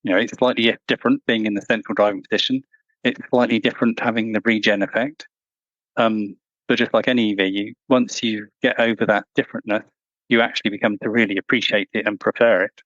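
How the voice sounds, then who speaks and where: A man answering interview questions in a measured, thoughtful way, with frequent restarts. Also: lowish voice, steady tone, fairly bright tone, no room sound, lo-fi sound. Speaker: guest, former truck company employee.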